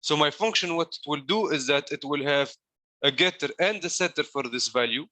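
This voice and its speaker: Man, coding coach, fairly high voice, dry close sound, step-by-step live demo. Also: a little fast, sharp tone, no echo. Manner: step-by-step explaining while demonstrating.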